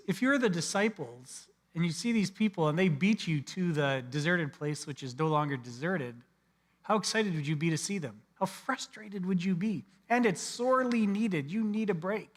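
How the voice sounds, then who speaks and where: A man's voice: sits high, normal speed. A man, a pastor preaching a sermon in a casual, conversational way and acting out people's lines. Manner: conversational, acts out people's lines in lively asides. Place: church sanctuary. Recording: long church hall reverb.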